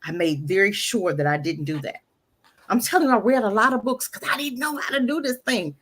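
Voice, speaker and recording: A woman's voice: medium pitch, expressive, fairly quick, a loud crowd. A middle-aged woman talking candidly about her past as a guest, emphatic and repeating phrases for stress. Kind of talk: candid personal storytelling. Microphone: audio-only radio show recording.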